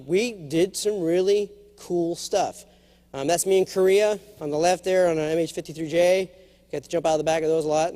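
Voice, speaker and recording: A man in his forties giving a humorous conference keynote, telling stories and jumping into acted quotes. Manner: animated storyteller, jumps to high acted quotes. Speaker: keynote speaker. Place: large conference hall.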